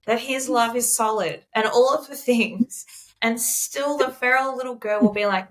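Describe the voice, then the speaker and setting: Aussie woman guest, frank, acts out the stories, a bit high pitched. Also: moderate pace. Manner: frank, animated storytelling, acts out quotes. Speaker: podcast guest, teacher coach. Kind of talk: casual conversation.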